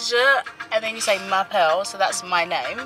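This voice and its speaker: A woman's voice: medium pitch, moderate pace, over music. A young woman chatting playfully with a friend, teasing and breaking into laughter often. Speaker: friend on the trip. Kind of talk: casual chat among friends.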